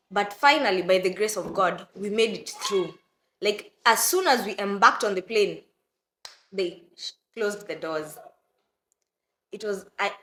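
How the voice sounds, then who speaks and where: A young Kenyan woman with a Kenyan accent, telling a personal story to her viewers in a lively, casual way. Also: mid-range voice, roomy sound. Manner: animated, addresses viewers as "guys", acts out quotes. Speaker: vlogger.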